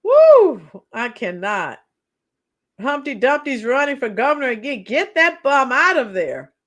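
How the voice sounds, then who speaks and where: A woman with a hoarse, cracking voice giving chatty, opinionated political commentary on a live stream and reading viewer comments. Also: high voice, very animated, pushed and bright. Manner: opinionated, chatty, sings song snippets slowly. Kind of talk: casual political commentary livestream.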